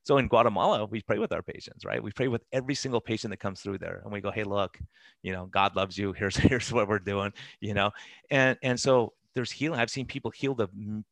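A man who is a doctor, talking earnestly in an interview with fast, self-interrupting speech. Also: fairly low pitch, steady tone, vocal fry, no echo. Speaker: doctor and podcast guest. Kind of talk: conversational interview.

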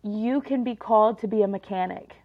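A woman's voice: mid-range voice, fairly quick, muffled recording. A young woman hosting a faith podcast, talking earnestly and emotionally with many fillers, her nose a little stuffed up. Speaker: podcast host. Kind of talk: casual faith podcast monologue.

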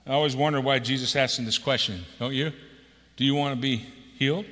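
A man's voice: mid-range voice, normal speed, a bit bright. A man in his sixties, an executive pastor preaching a conversational sermon and acting out quotes with a raised voice. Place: church auditorium. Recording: long hall reverb.

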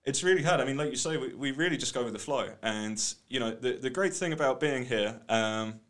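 A man's voice: mid-range voice, fairly quick, a bit bright. A man from Britain, a guest in a studio interview, talking casually and hesitantly with many fillers. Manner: hesitant, many "um"s and "you know"s. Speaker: guest, art company co-founder.

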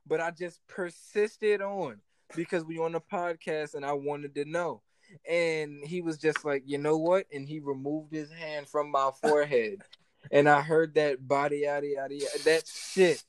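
A young man co-hosting a podcast in casual, animated chat, joking and swearing freely. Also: on the high side, moderate pace, clear, resonant tone, dry recording. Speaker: podcast co-host.

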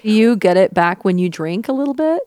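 A woman's voice: medium pitch, animated, normal speed, a little mellow, dry recording, clean studio sound. A woman in her thirties with a Southern accent, speaking as an interview guest in an earnest, reflective way. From Pacific Northwest. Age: 30s. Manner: earnest and reflective, with frequent fillers. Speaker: interview guest, country singer. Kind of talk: thoughtful interview talk.

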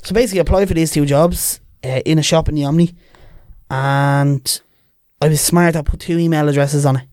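A man's voice: a little high, a little fast, no echo, studio quality. A young man with a Dublin accent, a podcast guest telling stories in casual chat and putting on voices for the people in them. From Ireland. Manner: lively, animated, puts on voices in anecdotes.

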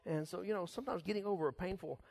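A middle-aged man preaching a casual sermon as pastor, folksy and quick to laugh, acting out little voices. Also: high voice, vocal fry. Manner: laughs often, folksy and animated, acts out voices.

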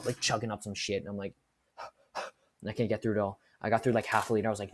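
Young woman, very low voice, casual storytime, swearing, laughing. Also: steady tone, quick pace, a little hiss or hum. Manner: swears freely, laughs a lot. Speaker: vlogger telling work stories.

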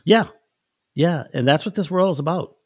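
A man's voice: fairly high pitch, moderate pace, darkish tone, breathy edge, no room sound, studio quality. A middle-aged man telling stories from his life in a casual chat, folksy and chuckling, acting out the people in his anecdotes.

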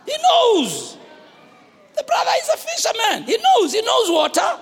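A middle-aged South African man preaching a lively sermon as a bishop, often shouting and acting out the characters in his stories. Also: very high voice, a little fast, a faint crowd. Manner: animated, often shouting, acts out voices. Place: large church hall. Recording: live church recording with long reverb.

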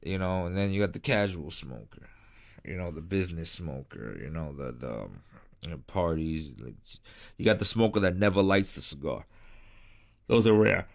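Deep-voiced man rambling about cigars. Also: expressive, normal speed, gravelly. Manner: rambling, laid-back, swears casually. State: tired, yawning late at night. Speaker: cigar vlogger. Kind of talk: casual chat.

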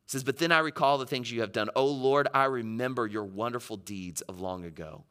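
Male pastor, bright and ringing, clear tone; impassioned sermon delivery that swells to near-shouting. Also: mid-range voice, animated, fairly quick. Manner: impassioned, rising to near-shouting when quoting the psalm.

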